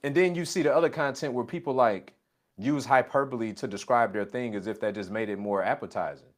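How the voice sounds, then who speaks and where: A man's voice: mid-range voice, expressive, fast talker. A man coaching a colleague in a casual conversation, emphatic and repeating his catchphrases. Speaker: business coach.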